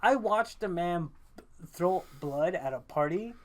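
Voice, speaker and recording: A man's voice: high-pitched, expressive, slow, a little hiss or hum. A young man co-hosting a podcast, in a casual chat. He rambles, swears often and breaks into laughter. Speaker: podcast co-host.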